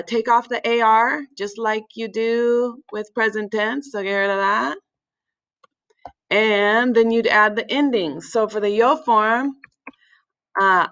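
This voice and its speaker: A woman teaching a recorded language lesson in a relaxed way, with many fillers, slowing down to spell words out. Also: a little high, poor audio. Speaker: Spanish teacher.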